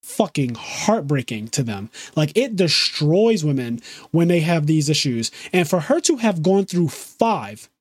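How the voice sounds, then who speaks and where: A man co-hosting a casual chat about a TV show, animated and swearing freely as he quotes the dialogue. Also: fairly high pitch, unhurried, hardly any pauses, breathy edge, no room sound. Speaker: podcast co-host.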